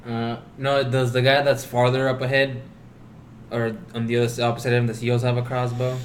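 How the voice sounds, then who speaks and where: A man playing a tabletop game, chatting casually and planning out loud. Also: mid-range voice, completely flat delivery, slight background noise. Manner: quick, laughing, planning out loud. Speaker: player. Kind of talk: casual chat.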